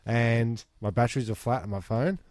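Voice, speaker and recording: A man's voice: medium pitch, moderate pace, darkish tone, no room sound, studio quality. A man co-hosting a podcast, joking in casual banter. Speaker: podcast co-host. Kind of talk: casual chat.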